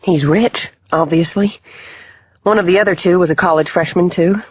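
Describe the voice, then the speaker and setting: A man doing an angry female federal agent in an audiobook, her voice pitched far up and biting. She sounds hoarse and breathy, recorded dry and a little dull. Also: moderate pace, no echo. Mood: urgent. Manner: sharp, exasperated. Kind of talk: audiobook character voice.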